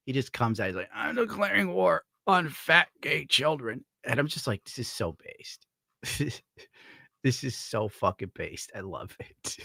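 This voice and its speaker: A man's voice: medium pitch, fairly bright tone, no room sound, clean studio sound. A man from upstate New York giving crude, sarcastic commentary while browsing, laughing often. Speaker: streamer host.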